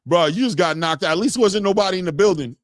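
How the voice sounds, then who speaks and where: A man hosting a casual boxing livestream, talking in an excitable, slangy way and hollering often. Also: sits high, fast talker, no echo, studio quality. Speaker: boxing commentary host. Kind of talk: casual livestream fight commentary.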